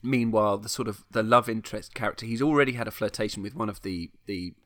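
A middle-aged man talks casually through a film's plot, circling back and restarting as he gets excited. His voice sits on the lower side, and the recording is dry and close. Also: fast talker, dry recording. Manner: rambling, enthusiastic, many restarts. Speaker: podcast film reviewer. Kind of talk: casual chat.

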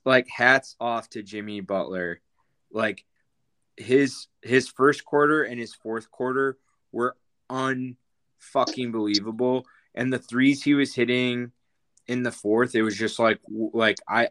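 A man co-hosting a sports podcast, talking in a halting way with many fillers. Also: mid-range voice, steady tone, a bit bright. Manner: hesitant, full of fillers. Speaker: podcast co-host. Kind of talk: sports talk chat.

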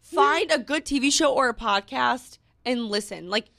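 A woman's voice: sits high, expressive, moderate pace, creaky, pushed and bright, dry recording. Chatty young woman co-host, dry sound. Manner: chatty, giving tips in a loose, rambling list. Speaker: podcast co-host. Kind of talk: casual chat.

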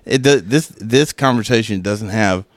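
A man's voice: on the low side, normal speed, no echo. A man co-hosting a comedy podcast, telling a story in casual chat, swearing and laughing often as he goes. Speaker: podcast co-host.

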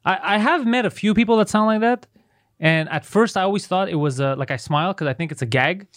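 A man in a casual podcast chat tells stories, laughing often and swearing freely. His voice sits a little high, and the sound is close and dry with no room echo. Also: fast, a bit bright.

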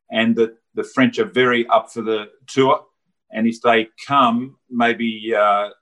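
A man giving measured rugby analysis on a sports talk panel, pausing often with fillers. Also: mid-range voice, a bit bright, poor audio. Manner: measured, hesitant with many ums. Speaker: rugby pundit. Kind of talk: studio sports discussion.

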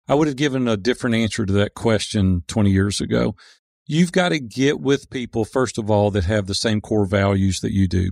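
Middle-aged entrepreneur guest, gravelly, earnest storyteller, dry studio mic. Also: male voice, fairly low pitch, no room sound. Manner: earnest, animated storytelling with acted quotes. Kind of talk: conversational interview.

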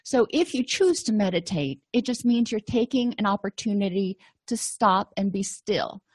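Middle-aged woman counselor, casual lecture delivery, mid pitch, dry close sound. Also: lively intonation, moderate pace, slightly rough, no echo. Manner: conversational, explaining with personal examples. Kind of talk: recorded lecture podcast.

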